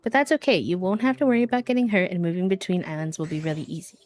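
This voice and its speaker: Woman voicing a sleepy gentle flying creature. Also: lowish voice, rapid-fire, natural voice. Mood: encouraging. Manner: drowsy, soft and friendly. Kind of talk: reading game dialogue aloud.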